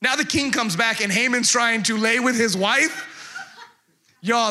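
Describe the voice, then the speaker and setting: Bright-voiced animated male preacher. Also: extremely high pitch, measured pace, slight background noise. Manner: animated, conversational storytelling with fillers. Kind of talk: sermon.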